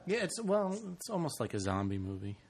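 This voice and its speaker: A man's voice: medium pitch, very animated, a little fast, a little mellow, slightly rough. A man co-hosting a podcast, trading dry, wry remarks in casual chat. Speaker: podcast co-host.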